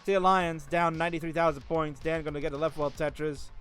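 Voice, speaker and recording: A man's voice: fairly high pitch, little pitch movement, a little fast, a bit bright, soft background music. A man hosting and commenting on a live video game match, playful and joking as he calls the play. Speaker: esports commentator and host.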